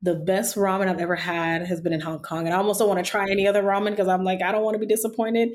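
Woman travel vlogger, slightly low voice, chatty and laughs a lot. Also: quick pace, slight background noise. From born in Nigeria, raised in Texas. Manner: animated storyteller, laughs often. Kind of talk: casual interview chat.

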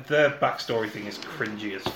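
A man's voice: fairly low pitch, fairly quick, fairly bright tone. A man co-hosting a podcast, throwing in blunt, sweary wisecracks during a casual film chat. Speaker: podcast co-host. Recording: echoey room with faint hiss.

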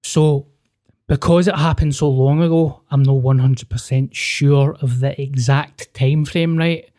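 A man spins a story on a casual podcast and peppers it with swearing. His voice is mellow and mid-pitched. He acts out every line of dialogue. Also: fairly even intonation, unhurried. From Scotland. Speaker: podcast co-host.

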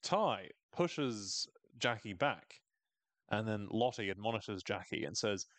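A man's voice: lowish voice, animated, a bit bright, no room sound. A man hosting a podcast, casually recapping a TV episode in a chatty, wry way. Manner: chatty, wry, acts out characters' lines in quick voices. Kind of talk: casual chat.

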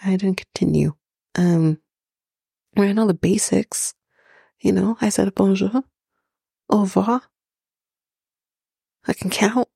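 Woman from Canada, solo podcast host, slow chatty recap, gravelly husky voice, dry sound. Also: mid-range voice, steady tone, mellow, no room sound. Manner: chatty, swears, frequent fillers and asides.

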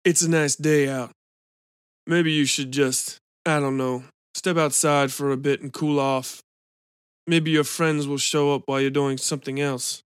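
A male narrator voicing a disdainful bartender with a nasal monotone. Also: fairly high pitch, unhurried, smooth, no echo, studio quality, close to an everyday voice.

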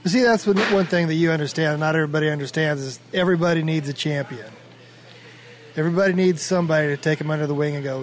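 A man's voice: a little high, quick pace. A man hosting a casual interview, encouraging his guest with short affirmations and the odd point of his own. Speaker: interview host.

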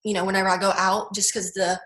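A young woman speaking earnestly and a little haltingly, her sentences full of filler words and restarts. Her voice sits at an ordinary pitch for a woman. The room around her rings with a noticeable echo. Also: little pitch movement, fairly bright tone. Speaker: guest. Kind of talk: personal testimony interview.

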